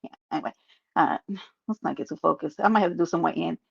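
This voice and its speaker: This New York streamer has a deep, gravelly voice and talks fast, joking playfully and addressing her chat directly in a casual live stream. The audio comes through muffled and lo-fi.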